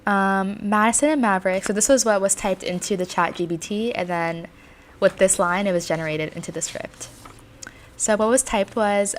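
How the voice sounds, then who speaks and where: A woman's voice: medium pitch, moderate pace, a little hiss or hum. Chatty woman podcast co-host. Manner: chatty, laughs often, fillers like "um" and "like". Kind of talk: casual chat and script read-through.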